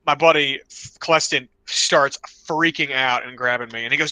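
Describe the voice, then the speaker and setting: A young man on a podcast telling rambling, animated stories, now and then slipping into loud voices for his friends. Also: a little high, moderate pace, no room sound. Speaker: podcast co-host. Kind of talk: casual storytelling chat.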